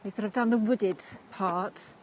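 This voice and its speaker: A woman's voice: medium pitch, measured pace, a little mellow, slight background noise. Friendly English woman on a walk. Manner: friendly, describes the walk, laughs lightly. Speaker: live-stream vlogger. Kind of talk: casual walking live stream. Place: outdoor lakeside park. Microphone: phone camera while walking.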